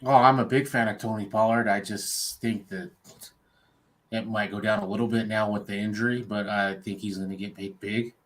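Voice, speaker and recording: A man's voice: on the low side, steady tone, moderate pace. A man on a sports chat panel, plain-spoken and opinionated.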